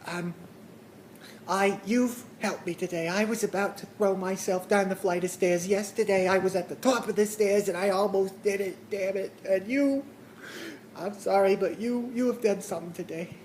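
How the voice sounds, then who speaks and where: A man's voice: high-pitched, steady tone, moderate pace, darkish tone, a little hiss or hum, voice pushed up, lightly acted. A man voicing a lonely older parent with a Brooklyn or Long Island accent, complaining in a pathetic, pleading way. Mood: tearfully grateful.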